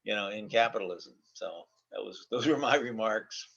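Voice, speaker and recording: A man's voice: on the low side, normal speed, creaky, a bit bright, breathy edge. A man speaking on a panel discussion, emphatic and repeating words as he goes. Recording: dull lo-fi call audio.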